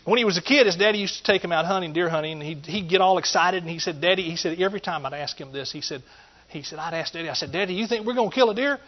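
A middle-aged man with a drawl preaches in a folksy, conversational way, with a fairly high voice. He punches his key points loudly, drops to quiet asides, and keeps checking in with the congregation. The recording sounds dull and lo-fi. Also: fast. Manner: folksy, swings between loud emphatic points and quiet asides, calls out to the listeners. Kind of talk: sermon.

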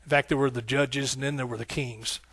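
A pastor preaches with a mid-range, slightly bright and husky voice, fairly quick and fairly even in intonation. Fervent and rhythmic, he repeats phrases, calls out hallelujah and talks to the congregation in a folksy way. There's no room sound.

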